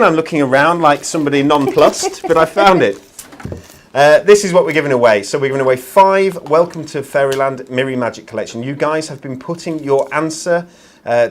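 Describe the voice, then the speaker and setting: Male host, live craft-TV presenter, chatty, self-deprecating, filler-heavy delivery, average pitch. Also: a little hiss or hum. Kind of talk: live shopping-channel presenting.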